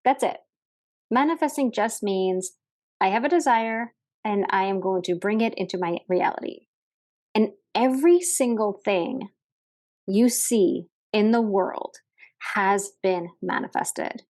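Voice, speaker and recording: A woman's voice: medium pitch, unhurried, darkish tone. A woman hosting a casual motivational podcast from a hotel room, talking in a chatty, upbeat way with fillers and light laughs. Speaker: podcast host. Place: hotel room, sitting at a desk.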